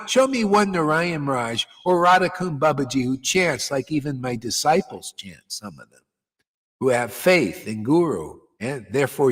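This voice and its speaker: A man's voice: fairly high pitch, big-room sound. A man giving an informal devotional sermon as a spiritual teacher, blunt and emphatic, swearing freely and laughing between points.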